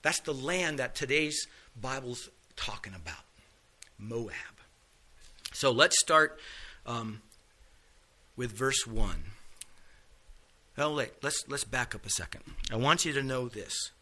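Bright-voiced man teaching Bible class. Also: mid-range voice, animated, slow pace, long pauses. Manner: folksy storytelling, acts out quotes casually.

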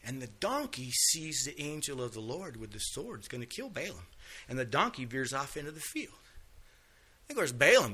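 Bright-voiced man teaching Bible class. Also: mid-range voice, very animated, fairly quick, husky. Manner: folksy storytelling, acts out quotes casually.

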